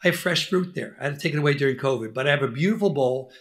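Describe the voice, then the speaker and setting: A middle-aged man telling stories as a guest on an interview, animated and acting out quoted lines. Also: mid-range voice, rapid-fire. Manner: animated storyteller, acts out quotes. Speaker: podcast guest, dentist. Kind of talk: conversational interview.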